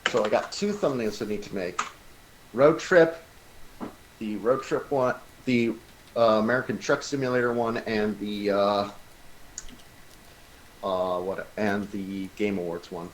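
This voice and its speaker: Low-pitched man, casual rambling chatter with fillers. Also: measured pace, long pauses, a little hiss or hum, rough recording. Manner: rambling, filler-heavy storytelling. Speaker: friend on stream. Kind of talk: casual chat.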